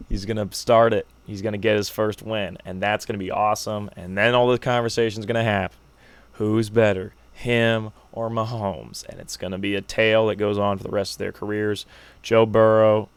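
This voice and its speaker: A man's voice: on the low side, clear, resonant tone, no echo. A young man hosting a solo sports podcast, making brash, joking predictions like a hyped-up fan. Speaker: podcast host.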